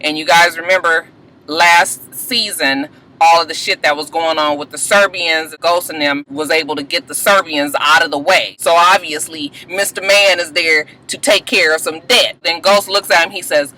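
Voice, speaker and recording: A woman's voice: deep voice, moderate pace, rough recording. A young adult woman hosting a casual, sassy, dramatic recap of a TV episode. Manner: animated, sassy, dramatic storytelling. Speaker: host.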